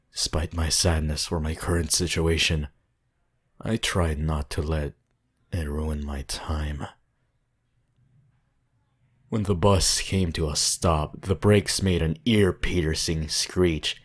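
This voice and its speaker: A man narrating a horror story in a slow, measured, somber reading voice. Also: extremely low pitch. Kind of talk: scripted narration.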